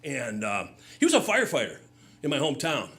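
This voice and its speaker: A man's voice: mid-range voice, huge pitch swings, a little fast, fairly bright tone. A man telling a stand-up story on stage, loose and chatty, with fillers and audience laughter. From Michigan. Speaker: stand-up comedian.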